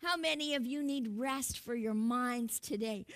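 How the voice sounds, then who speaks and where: A woman's voice: a little high, a little slow, fairly bright tone. A woman pastor preaching a sermon in an earnest way, calling out to her congregation and laughing lightly between points.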